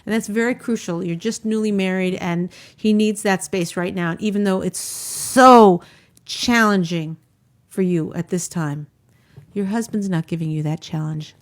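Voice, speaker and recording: A woman's voice: medium pitch, normal speed. A woman hosting an advice talk show, giving frank counsel and acting out sample conversations. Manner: gives frank advice, acts out sample dialogues.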